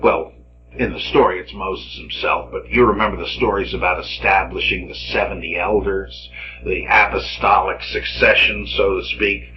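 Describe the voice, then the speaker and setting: A man's voice: deep voice, dull audio. A man teaching a Bible study, reading scripture aloud with drama and then commenting in a wry, rambling way with many fillers. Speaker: Bible scholar lecturer.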